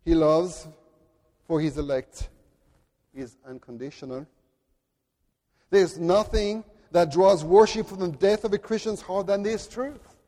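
A man with a French accent preaching a sermon in an earnest, deliberate way, at times speaking directly to children. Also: high-pitched, dark tone, big-room sound. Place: church.

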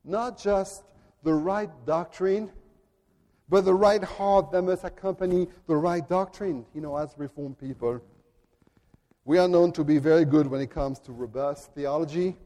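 A male pastor preaching a sermon in a large church, emphatic, building up to loud declarations. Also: on the high side. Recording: long reverb of a church hall.

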